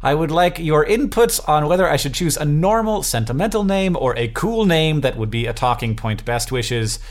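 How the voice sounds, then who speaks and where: A man's voice: fairly high pitch, normal speed. A man co-hosting a casual comedy podcast, reading listener letters and laughing often. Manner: animated, laughs often, playful mock ad reads. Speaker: podcast co-host.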